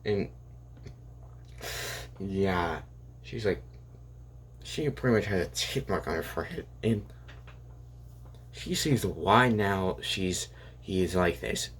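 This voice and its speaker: A young man casually narrating an improvised fan story, rambling and halting with many fillers and restarts. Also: deep voice, a little hiss or hum.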